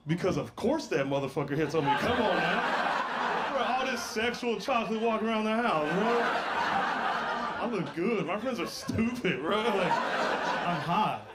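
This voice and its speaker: A man's voice: high-pitched, lively intonation, normal speed, heavy background noise. A man doing a stand-up comedy set, telling stories in a brash, playful way with asides to the crowd.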